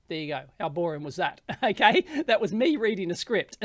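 A man's voice: high voice, expressive, brisk, few pauses, fairly bright tone, no echo, clean studio sound. Blunt, chatty Australian man. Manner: chatty and blunt, laughs often. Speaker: electronics video host. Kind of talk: casual commentary.

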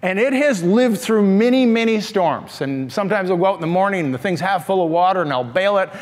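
An older man preaching a sermon, telling stories in an animated way and putting questions to the congregation. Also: high voice, a little fast. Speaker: pastor. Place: large church sanctuary. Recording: long reverb of a large hall.

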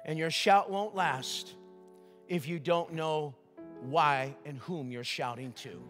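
An older man preaching a sermon as pastor, lively and joking, asking the crowd questions. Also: fairly high pitch, takes it slowly, big-room sound, soft background music. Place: church sanctuary.

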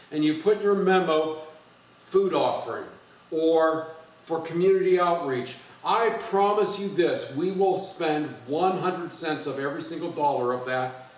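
Guy preaching a sermon, kinda high voice, far off the mic in a really echoey church, lots of uh and restarts. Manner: explanatory, emphatic, with fillers and restarts. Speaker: pastor. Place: church sanctuary. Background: strong room echo.

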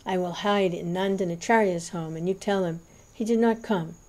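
A man's voice: sits high, steady tone, moderate pace, a little mellow, natural voice. A woman reading the lines of an older male sage overwhelmed with devotion, speaking in fervent, tearful exclamations.

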